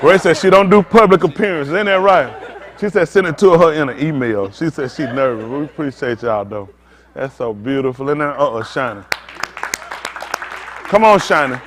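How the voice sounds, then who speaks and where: A man's voice: a little high, expressive, normal speed, fairly bright tone, some chatter behind. A man preaching as a pastor, coaxing and teasing volunteers from the congregation in a playful way.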